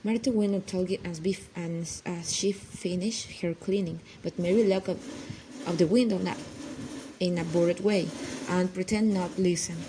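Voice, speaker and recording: A woman reads a children's story aloud in a careful, halting way, stopping to restart words now and then. Her voice is mellow and soft, and a faint background noise sits under it. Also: lowish voice, steady tone, low-quality recording. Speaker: reader. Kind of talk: reading a children's novel aloud.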